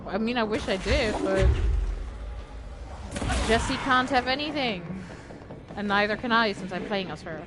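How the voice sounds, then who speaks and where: A woman's voice: fairly high pitch, unhurried, long pauses, over music. A woman streamer giving casual gameplay commentary in a chatty, filler-heavy way, with bursts of alarmed swearing. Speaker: game streamer. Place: at home at a gaming setup. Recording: game noise behind a streamer mic.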